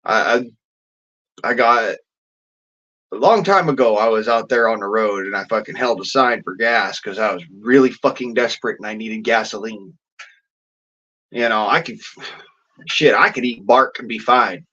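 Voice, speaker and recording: A man's voice: on the low side, moderate pace, pauses often, sharp tone, muffled recording. A man ranting in a vlog, swearing constantly in a blunt, rambling way with folksy slang. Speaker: vlogger.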